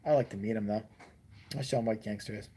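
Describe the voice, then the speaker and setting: A man's voice: lowish voice, quick pace, background noise. A man from Chicago in a profane, ranting comedic chat, full of slang. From Chicago, USA.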